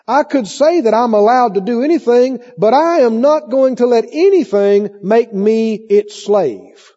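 A man preaching a sermon with lively delivery, playing out cravings in mock voices, recorded on a muffled tape in a hall. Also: extremely high pitch, normal speed, hardly any pauses.

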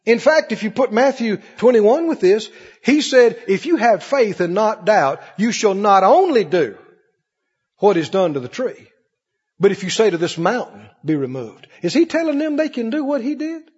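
A preacher in a big church hall, his high voice leaping all over the place as he shifts between ringing cries and hushed asides. His tone is husky. The recording sounds muffled and carries a long hall echo. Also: sing-song, normal speed. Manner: preacherly call-and-response, swinging from loud high cries to low murmurs. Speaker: pastor. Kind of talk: sermon.

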